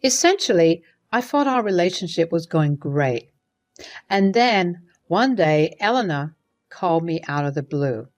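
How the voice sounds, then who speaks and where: A woman's voice: on the low side, animated, unhurried. A woman narrating a dramatic first-person story in an earnest, emotional scripted reading.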